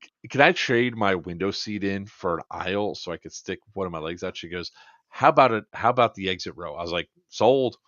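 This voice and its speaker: A deep-voiced podcast co-host speaks briskly, telling a lengthy, funny story in a relaxed chat and animatedly quoting the back-and-forth between people. There's no echo, though the audio sounds dull.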